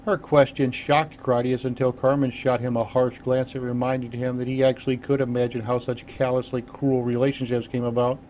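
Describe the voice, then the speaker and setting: A man narrating an unabridged audiobook in a steady, even reading voice. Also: mid-range voice, normal speed, few pauses, slight background noise.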